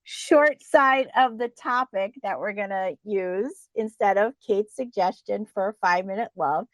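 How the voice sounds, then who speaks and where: A woman's voice: medium pitch, measured pace, no room sound. A middle-aged woman with a New Jersey accent, co-hosting a podcast in casual, rambling chat full of fillers and restarts. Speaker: podcast co-host.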